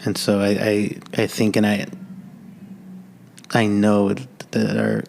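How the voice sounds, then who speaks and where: A man speaking off the cuff as a podcast guest, halting with many restarts. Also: lowish voice, monotone, vocal fry, a little mellow, slight background noise. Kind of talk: off-the-cuff conversation.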